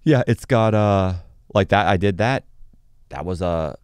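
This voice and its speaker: A man's voice: deep voice, a little slow, a little mellow, smooth, dry recording. A man talking as a podcast guest, telling stories in a casual, rambling way with lots of restarts and fillers. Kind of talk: casual storytelling.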